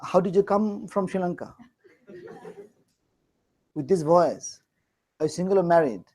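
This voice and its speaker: A man's voice: sits high, lively intonation, measured pace, warm tone, low-quality recording. A man from Bangladesh teaching a class, teasing and joking as he quizzes his students. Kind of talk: classroom lecture.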